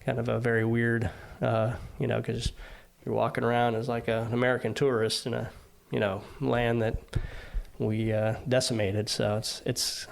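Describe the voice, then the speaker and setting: A man's voice: medium pitch, creaky. A man, a former navy aviation sailor, telling stories in a casual interview, rambling with many fillers and restarts.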